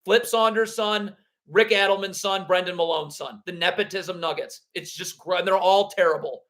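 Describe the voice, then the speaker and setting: A man's voice: sits high, fairly even intonation, moderate pace, fairly bright tone. A man hosting a live basketball draft reaction stream, blunt and sarcastic as he rants. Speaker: basketball livestream host.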